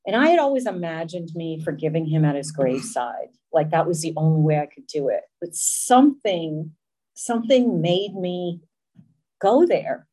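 A middle-aged woman giving a personal recovery testimony, speaking in an earnest, emotional, halting way. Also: sits low, expressive, mellow.

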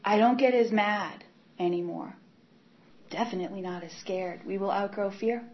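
Woman giving a candid recovery testimony, halting with fillers; mid-pitched voice on a dull, lo-fi recording. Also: slight background noise. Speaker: speaker sharing her recovery story. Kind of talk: personal testimony talk.

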